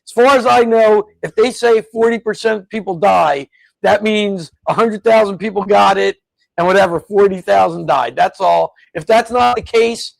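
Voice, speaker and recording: A man's voice: sits high, creaky, dry recording, rough recording. A man co-hosting a casual political chat from his home garage, blunt, dismissive and matter-of-fact. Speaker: co-host.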